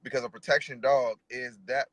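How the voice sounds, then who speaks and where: A man's voice: medium pitch, level tone, brisk, no echo, low-quality recording. A man, a guest dog trainer and decoy, talking casually and rambling a bit. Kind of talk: casual conversation.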